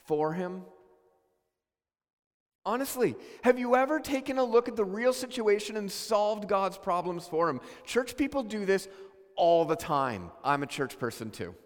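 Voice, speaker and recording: Male pastor, sermon delivery, earnest and questioning, high-pitched, hall echo. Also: lively intonation, unhurried. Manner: earnest, questioning, with many restarts.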